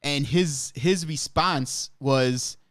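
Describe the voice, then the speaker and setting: A man co-hosting a podcast, talking sports excitedly in casual chat, swearing often and restarting his sentences. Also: on the high side, very slow, no room sound, clean studio sound. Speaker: podcast co-host.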